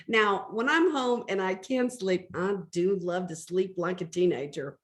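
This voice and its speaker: Chatty woman telling stories. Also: lowish voice. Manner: chatty storytelling, addresses audience directly. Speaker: life coach. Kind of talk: motivational talk.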